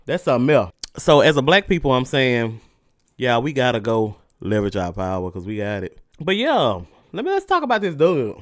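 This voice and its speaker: A male podcast host rants solo in a casual, profane, heated way while spicy food burns his mouth. His medium-pitched voice swings widely in pitch at a moderate pace, in a dry, clean studio recording.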